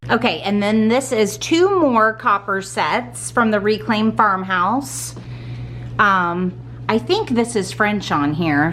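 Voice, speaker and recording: A woman's voice: mid-range voice, fairly bright tone, slight background noise. A middle-aged woman hosting a casual home decorating haul vlog, gushing and rambling with lots of ums and likes. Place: at home indoors.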